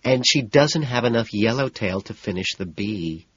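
A man voicing an anxious, well-mannered young woman in an audiobook, soft and hesitant. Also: lowish voice, expressive, moderate pace, breathy edge, pitched above the performer's own voice. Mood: hushed. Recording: dull, muffled audiobook recording.

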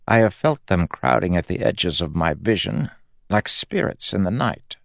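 A man voicing a frail, fading male god who speaks in halting, pleading phrases. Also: low-pitched, sing-song, gravelly, no echo, clean studio sound, heavily acted. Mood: wistful.

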